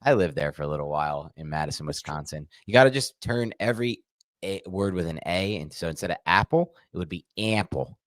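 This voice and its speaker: A man hosting a sports podcast, talking in an animated, jokey way. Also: sits low, fairly quick, no room sound, studio quality. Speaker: podcast host.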